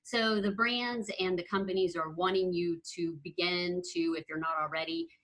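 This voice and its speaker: A woman's voice: fairly low pitch, fairly even intonation, normal speed, a bit bright, rough recording. A woman guest on a panel discussion, talking about marketing in a chatty way and often repeating her points.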